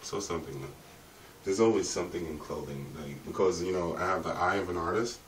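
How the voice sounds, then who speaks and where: A man's voice: deep voice, steady tone, fairly quick. Profane rambling man, distant and echoey. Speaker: vlogger. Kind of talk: rambling vlog monologue. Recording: roomy echo, distant mic, faint ambient noise.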